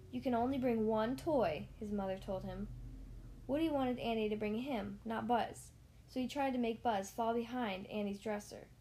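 A woman reading a children's storybook aloud in a clear, steady voice. Her voice sits a little high for a woman. She keeps an even storytelling pace. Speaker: narrator.

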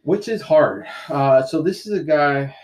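Mellow-voiced man retelling a story. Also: on the high side, a little slow. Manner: animated retelling with many fillers. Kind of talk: casual comic book discussion.

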